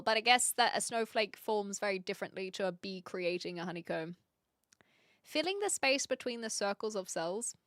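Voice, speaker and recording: A woman's voice: on the high side, a bit bright, no echo, clean studio sound. A woman from New Zealand with a rounded New Zealand accent, chatting casually on a live stream as she reacts to videos, curious and laughing often, with casual swearing.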